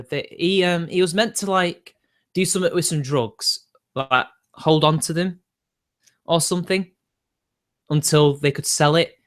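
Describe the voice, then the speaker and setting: A man's voice: on the high side, fairly bright tone. A young man, arguing defensively with his live-stream chat and laughing between points.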